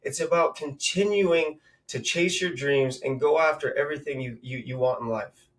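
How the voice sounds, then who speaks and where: A man in his thirties, from Southern California, telling stories of his career with emphatic repetition and a motivational push. His voice sits high for a man and sounds a little distant from the microphone. The delivery is conversational but driven. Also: normal speed, a bit bright. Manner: emphatic, motivational, repeats words for punch. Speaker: guest, real estate investor. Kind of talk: conversational storytelling.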